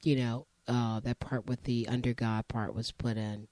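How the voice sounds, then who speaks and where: A woman's voice: rumbling low, flat delivery, normal speed, warm tone, no echo. Rambling woman teacher telling a story. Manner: rambling, acts out voices in quotes. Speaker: high school teacher. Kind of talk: conversational storytelling.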